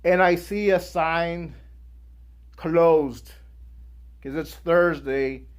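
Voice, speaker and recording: A young man giving a guest speech, telling a personal story in an animated way and acting out the people in it. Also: on the high side, drawn-out words, clean tone. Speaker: guest speaker.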